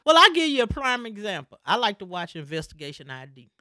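Emphatic, animated woman in casual chat. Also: medium pitch, fast talker, dry recording. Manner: emphatic, preachy, animated storytelling.

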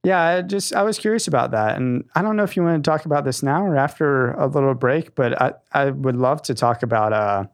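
A man's voice: mid-range voice, a little fast, hardly any pauses, smooth. A man co-hosting a casual podcast, rambling with lots of fillers and laughs. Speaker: podcast co-host. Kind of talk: casual chat.

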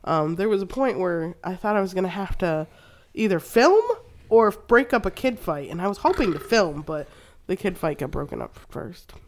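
A woman's voice: lowish voice, animated, moderate pace, a little mellow, slight background noise. A woman co-hosting a podcast, telling casual stories with frequent laughs and swearing. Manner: storytelling, swears freely, laughs often. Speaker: podcast co-host. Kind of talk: casual chat.

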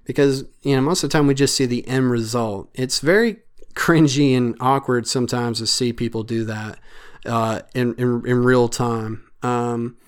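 A man's voice: medium pitch, fairly even intonation, moderate pace, clear, resonant tone. A man hosting a solo podcast, talking in an earnest, rambling way with many fillers. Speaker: podcast host.

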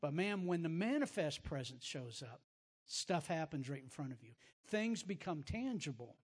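A man's voice: fairly high pitch, big pitch swings, normal speed, slightly rough, in a large hall. A man hosting and teaching like a preacher, emphatic and repeating words as he builds his point. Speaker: preacher host. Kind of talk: sermon-like teaching.

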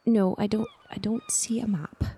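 A woman's voice: mid-range voice, steady tone, normal speed, warm tone, breathy edge. A woman with a Welsh accent playing a polite, forgetful traveller looking for a temple. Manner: giggly, keeps forgetting names.

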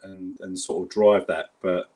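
South London bloke, husky low voice, rambling casual chat, co-host. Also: male voice, level tone, a little slow, dark tone. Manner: rambling, chatty, lots of fillers.

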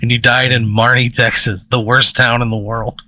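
A man improvising a comic story in the second person, building it up with deadpan escalation. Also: medium pitch, normal speed.

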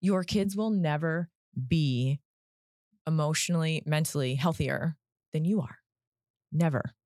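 Low-voiced woman psychologist explaining. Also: a little slow, darkish tone, dry recording, studio quality. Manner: earnest, explanatory, keeps checking in with "right?". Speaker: psychologist guest. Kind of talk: casual podcast chat.

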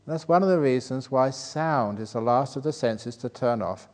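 Older male monk teaching a retreat, mid-pitched, storytelling talk, chuckles at his own asides. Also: moderate pace. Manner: rises into animated rhetorical questions.

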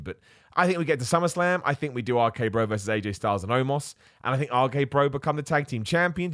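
A fast-talking man hosts a casual opinion podcast, his pitch jumping around as he argues his points. He tosses in self-deprecating asides, and the sound is close and dry. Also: a bit bright, no echo. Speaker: podcast host.

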